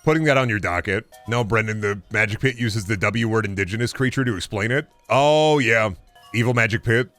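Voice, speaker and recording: A man's voice: lowish voice, fairly quick, a bit bright, soft background music. A man streaming, chatting casually in a rambling, profane, sarcastic way.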